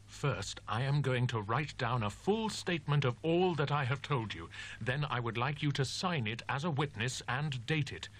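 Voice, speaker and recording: An actor playing a grim, determined young male student in a horror audiobook drama, speaking firmly and deliberately. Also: mid-range voice, expressive, natural voice.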